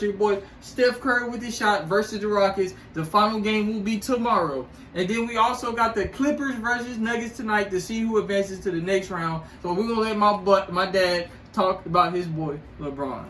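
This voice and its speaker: A man's voice: sits high, moderate pace, hardly any pauses, fairly bright tone, far from the mic, a little hiss or hum. Young man in a roomy room, off-mic. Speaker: podcast host, son. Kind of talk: casual sports chat.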